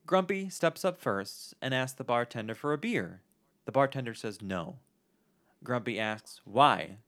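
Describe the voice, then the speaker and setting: Joking male podcast co-host, lively pitch. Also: measured pace. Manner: playful, telling corny jokes. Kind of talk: casual podcast chat telling jokes.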